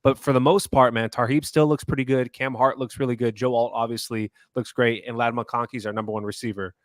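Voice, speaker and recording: A man co-hosting a sports podcast, talking in an animated, indignant way in casual chat. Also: medium pitch, a little fast, no room sound. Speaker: podcast co-host.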